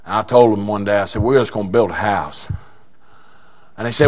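An older man preaching a sermon, telling a story in a quiet voice that breaks into fervent shouting. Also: lowish voice, a little fast, long pauses.

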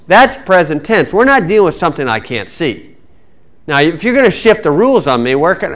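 A middle-aged preacher with a slightly high voice teaches a Bible lesson in a folksy, wry manner. He reads verses slowly, then picks up speed.

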